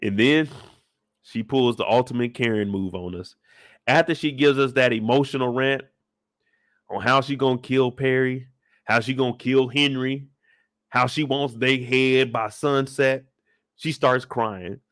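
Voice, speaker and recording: This TV recap reviewer speaks in a mid-range voice, unhurried, with no room sound in the recording. His commentary is casual and animated, packed with jokes, slang and profanity.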